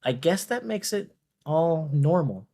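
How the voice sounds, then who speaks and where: A man's voice: a little high, sing-song, a little slow, mellow. Playful man commenting on strongman. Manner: playful, jokey, rambling asides. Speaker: host of a strongman watch-along. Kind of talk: casual live commentary.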